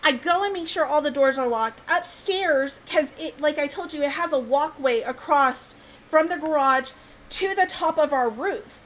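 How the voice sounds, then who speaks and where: High-voiced excitable woman telling a scary story. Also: normal speed, a little hiss or hum, low-quality recording. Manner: animated, excitable, swears mildly. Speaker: podcast host. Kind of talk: casual storytelling.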